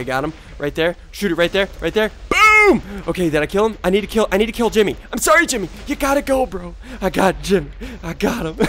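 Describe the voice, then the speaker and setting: Male gaming host, stuffy and congested, high-pitched and very animated; yelps and trash-talks through live commentary.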